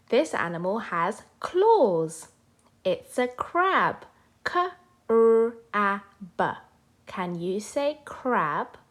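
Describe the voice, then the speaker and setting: A woman teaches young children their letters. She talks slowly, with a lively voice that rises and falls, and she stretches each letter sound so the little ones can repeat it. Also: medium pitch. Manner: slow, sing-song, sounding out letters for children. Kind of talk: children's phonics lesson.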